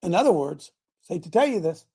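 Gravelly-voiced man preaching on air. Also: sits high, very animated, quick pace, warm tone. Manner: emphatic, rambling preacher. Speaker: radio show host. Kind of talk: preaching talk show.

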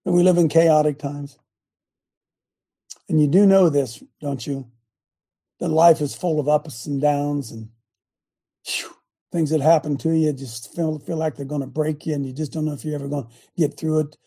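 Male host-preacher, raspy and dark-toned, casual and chatty, fires questions at the audience. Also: on the high side, normal speed, long pauses. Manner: animated, talks straight to viewers with repeated questions; restarts and stumbles often. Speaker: host of an online faith show.

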